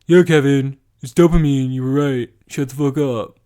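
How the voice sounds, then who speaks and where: A man's voice: mid-range voice, steady tone, normal speed, warm tone, close to an everyday voice. A man putting on a scornful imagined listener who mocks him and tells him to shut up. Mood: mocking. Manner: mocking, dismissive.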